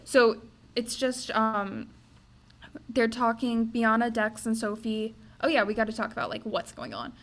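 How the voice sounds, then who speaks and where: A woman's voice: fairly high pitch, measured pace, a bit bright. A young woman co-hosting a podcast in a casual book-discussion chat, talking through her notes and reading passages aloud. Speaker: podcast co-host.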